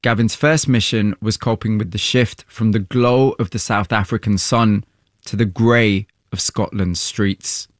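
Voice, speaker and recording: Measured male radio presenter. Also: on the low side, steady tone, no room sound, studio quality. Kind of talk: radio documentary narration and interview.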